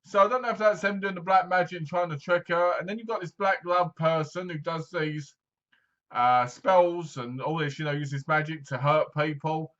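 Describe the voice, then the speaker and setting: A man talks through a film review in a loose, rambling way, with plenty of fillers. His voice sits a little high and sounds sharp and bright. The recording is dull and lo-fi. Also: normal speed. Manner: rambling, chatty, full of fillers. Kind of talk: casual movie review.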